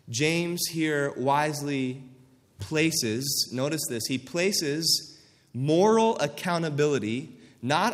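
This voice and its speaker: A man's voice: medium pitch, big-room sound. A man preaching a sermon, earnestly reading scripture and acting out quoted voices for emphasis.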